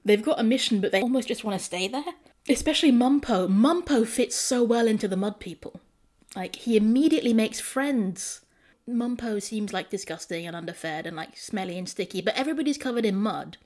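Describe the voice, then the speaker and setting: A woman co-hosting a casual book chat, talking in a relaxed way with lots of fillers. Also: a little high, brisk. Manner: chatty, filler-heavy, relaxed. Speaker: podcast co-host.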